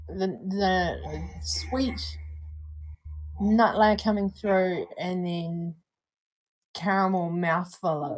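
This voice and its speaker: Slow-talking, easygoing woman, chatty. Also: mid-range voice, poor audio. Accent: New Zealand. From New Zealand. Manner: chatty and easygoing, swears casually. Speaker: co-host reviewing vape juice. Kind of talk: casual live-stream chat.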